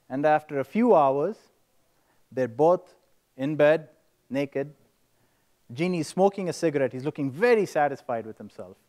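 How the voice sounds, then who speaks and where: A man telling a story casually and with animation during a presentation on a conference stage. His voice sits fairly high for a man. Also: darkish tone. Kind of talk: telling an anecdote and joke in a presentation.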